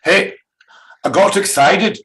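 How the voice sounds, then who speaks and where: A man's voice: high voice, takes it slowly. Joking, swearing male podcast co-host. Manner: profane, joking, excitable. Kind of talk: casual chat. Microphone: headphones with mic.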